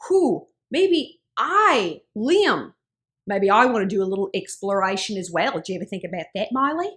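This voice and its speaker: A woman's voice: mid-range voice, very animated, normal speed, a bit bright. A woman doing an impression of a laid-back young man. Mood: musing.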